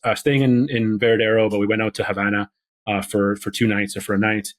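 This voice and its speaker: A man's voice: fairly low pitch, level tone, quick pace. A man, a filmmaker guest on a podcast, talking casually and meandering, often restarting his sentences. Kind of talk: casual conversational chat.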